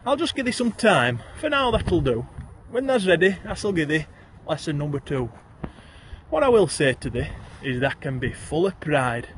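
Yorkshire bloke doing a funny rhyming poem in thick dialect, highish lively voice. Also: male voice, moderate pace, slight background noise. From Yorkshire, England. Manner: animated, broad dialect, addresses the listener as thee. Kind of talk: reciting comic rhyming verse.

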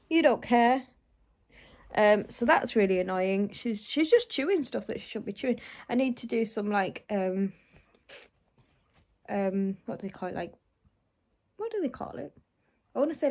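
A woman's voice: medium pitch, darkish tone. A young woman, chatting casually in a vlog and often talking to her dog. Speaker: vlogger.

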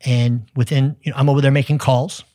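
A Texan man, a sales executive, telling lively business stories as a podcast guest, acting out the people in them. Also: mid-range voice, a little fast, no echo, studio quality. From United States. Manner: energetic, tells stories with quoted dialogue. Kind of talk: storytelling in conversation.

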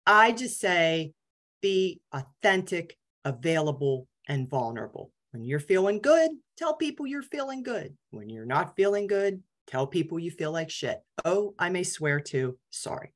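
A woman's voice: on the low side, very animated, unhurried. A middle-aged woman giving a candid, casual talk to a support group, self-deprecating and full of ums. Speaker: guest speaker.

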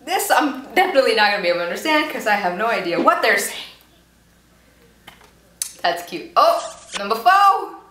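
A woman's voice: a little high, big pitch swings, normal speed, long pauses, bright, forceful tone. A young woman hosting a casual reaction video, chatty and giggly, playfully voicing the people she watches. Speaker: YouTube reaction host. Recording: echoey room with faint noise.

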